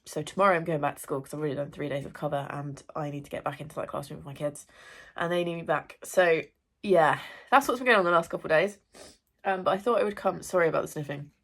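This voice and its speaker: Vlogger, young woman, congested from illness; low gravelly voice, chatty and apologetic. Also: fast talker. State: congested, ill. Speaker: booktuber, English teacher. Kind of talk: casual reading wrap-up vlog. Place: at home.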